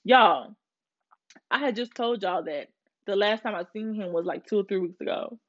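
A woman's voice: mid-range voice, moderate pace. Woman in her twenties, profane venting. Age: 20s. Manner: profane, animated venting to listeners. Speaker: podcast host. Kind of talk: casual storytelling rant. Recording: slightly muffled with faint music.

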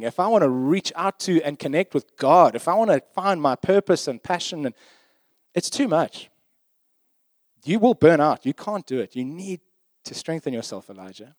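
A man's voice: on the high side, no room sound. A man preaching a sermon in a conversational, emphatic way, often checking in with his listeners.

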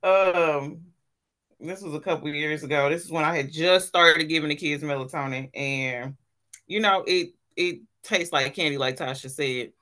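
A woman's voice: sits low, normal speed, bright, forceful tone. A woman co-hosting a podcast who tells stories frankly and swears freely in casual chat. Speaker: podcast co-host.

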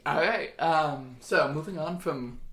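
Sardonic podcast cohost, flat deadpan delivery, mid pitch. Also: slow pace. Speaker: podcast co-host. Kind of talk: casual chat.

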